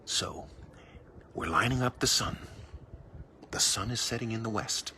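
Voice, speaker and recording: A man putting on the hushed voice of a golf commentator, in a whispered role-play on his cruise ship balcony. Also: fairly low pitch, measured pace. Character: hushed male golf commentator, calm and reverent. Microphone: handheld phone.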